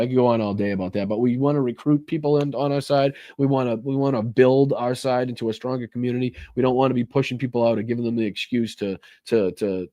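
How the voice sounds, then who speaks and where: A man's voice: medium pitch, dark tone, dry recording. Brief: American male streamer, casual and profane, loose rambling delivery, dry close-mic sound. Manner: rambling, profane, with many fillers and restarts. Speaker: livestream host. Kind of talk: casual livestream chat reading viewer donations.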